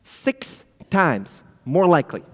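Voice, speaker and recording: A man gives a lively conference talk, calling out to the audience and mimicking nervous founders who stumble over their words. His voice sits a touch higher than most men's. A long reverb trails each phrase, as in a big hall. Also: takes it slowly. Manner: animated, addresses the audience directly; acts out flustered founders with filler words. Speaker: conference speaker.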